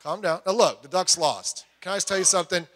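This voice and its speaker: Man, middle-aged, pastor, high voice, emphatic sermon delivery, loud then hushed. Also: animated, quick pace. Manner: emphatic, swings between loud urging and quiet asides.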